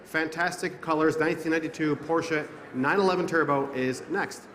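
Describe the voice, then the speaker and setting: A man's voice: fairly high pitch, moderate pace, a bit bright. A man reading out polished, enthusiastic descriptions of each lot for an auction. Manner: polished, enthusiastic sales presentation. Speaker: lot announcer. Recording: echoey hall with long reverb.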